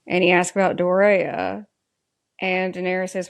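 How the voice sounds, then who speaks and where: A woman's voice: on the low side, level tone, gravelly. A woman co-hosting a podcast, chatting casually through an episode recap and reading scene lines aloud. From Southern US. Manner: unhurried, reads scene dialogue aloud. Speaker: podcast co-host.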